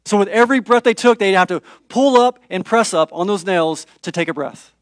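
A man, a pastor with young children at home, preaching a dramatic sermon that moves between hushed and raised passages. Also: sits high, brisk, no room sound, studio quality.

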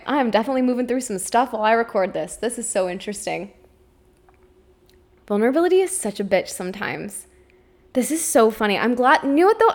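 A young adult woman hosting a solo podcast, talking openly and emotionally, with a lot of "like" in her speech. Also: fairly low pitch. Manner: emotional, open, says "like" often. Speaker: podcast host. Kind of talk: candid solo podcast monologue.

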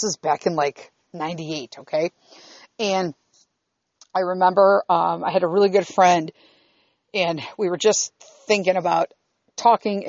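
A woman's voice: on the low side, gravelly, no echo. A middle-aged woman telling a personal story in a blunt, profane, candid way, often checking in with her listeners. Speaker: vlogger. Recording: dull, slightly lo-fi recording.

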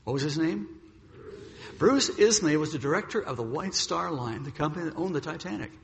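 Man, preacher, sermon storytelling, gravelly, quick, echoey hall recording. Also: a little high, expressive, slight background noise. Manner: dramatic storyteller, acting out the characters' lines. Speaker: pastor.

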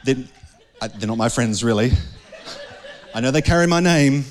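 A middle-aged man preaching a sermon in an earnest, conversational way, with some passages dropping into soft, hushed prayer. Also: medium pitch, animated, normal speed. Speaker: pastor.

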